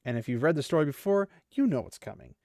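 A man's voice: a little high, sing-song, fast talker, creaky, darkish tone, no echo, studio quality. A man hosting a podcast, reading a fantasy novel aloud and chatting about it in an earnest, self-deprecating way. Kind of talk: book reading with casual commentary.

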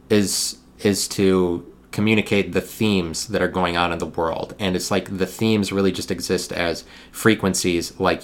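A young man hosting a solo podcast, talking in a meandering monologue with frequent restarts, sometimes getting loud when riled. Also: sits low, creaky. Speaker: podcast host.

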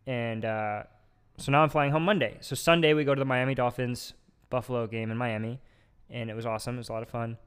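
A young man with a smooth, clear voice tells a long personal story on a casual podcast. He rambles, stacks up filler words and pushes ahead with animated energy. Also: medium pitch, fast. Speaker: podcast host.

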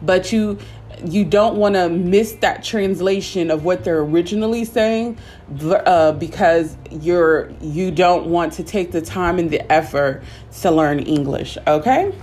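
A woman teaching a simple English lesson, speaking patiently and repeating words slowly for learners. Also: fairly low pitch, darkish tone, a little hiss or hum. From United States.

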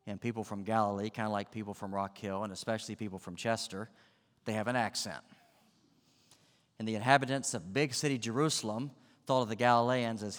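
Pastor, man; dramatic sermon delivery, low-pitched, recorded in a reverberant sanctuary. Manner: dramatic, acts out the voices of the story.

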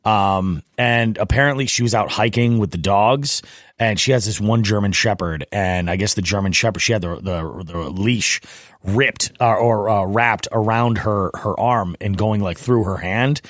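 A man's voice: on the low side, moderate pace, no echo, clean studio sound. A middle-aged man co-hosting a podcast, rambling casually through a story. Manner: relaxed, rambling, easy agreement. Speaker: podcast co-host. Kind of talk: casual chat.

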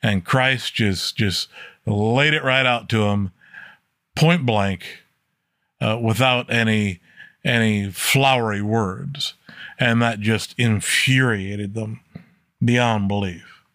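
A man teaching an informal Bible study, reading scripture aloud and explaining it plainly, often checking in with a quick "okay?". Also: fairly low pitch, a bit bright, dry recording, studio quality. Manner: plainspoken, repeats "okay?" to check listeners follow; reads scripture aloud with rising emphasis.

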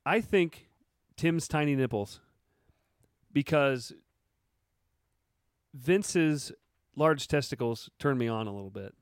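Male podcast host, casual and joking, mid-pitched voice, dry close mic. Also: animated, slow pace, pauses often, smooth, no echo. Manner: joking, reads listener questions aloud.

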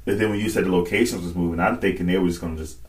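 A man's voice: deep voice, fairly even intonation, racing, distant mic, slight background noise. A man co-hosting a podcast in casual chat, laughing often and acting out voices as he tells stories. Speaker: podcast co-host.

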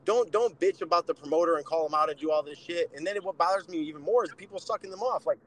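A man's voice: a little high, fast, rough recording. A young man co-hosting a podcast, telling boxing stories in a blunt, profane, casual way. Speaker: podcast co-host, boxer.

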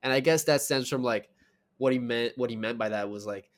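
Brief: young guy, podcast co-host, laid-back slangy delivery, mid-pitched voice. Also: fairly quick. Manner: slangy, laid-back, says "bro" and "real shit". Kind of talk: casual chat.

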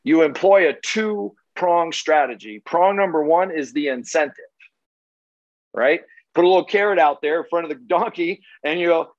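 A man's voice: fairly high pitch, brisk, no room sound, highs cut off. A man giving a blunt, punchy sales talk full of rhetorical questions and the odd curse. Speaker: solar sales trainer.

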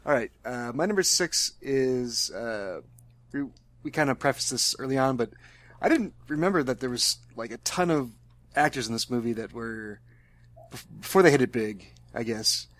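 A man's voice: medium pitch, lively intonation, moderate pace, a bit bright, no echo. A man co-hosting a podcast, chatting casually about a movie and laughing often. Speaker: podcast co-host. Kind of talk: casual movie-review chat.

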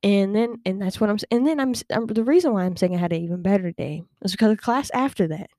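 A young woman hosting a podcast, telling a personal story in a chatty, animated way with lots of fillers and laughs. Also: medium pitch, fast talker, no echo, studio quality. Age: young adult. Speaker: podcast host.

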